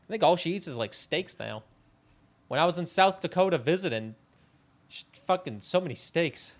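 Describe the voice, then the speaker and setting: A man's voice: a little high, expressive, normal speed. A young man streaming a game live, chatting in a rambling, self-mocking way and swearing casually. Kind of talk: casual live-stream chat while gaming.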